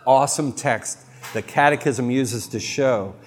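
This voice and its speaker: A man giving a lively, jokey talk to a live audience on faith, full of quick asides. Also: medium pitch. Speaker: Catholic speaker. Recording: long hall reverb.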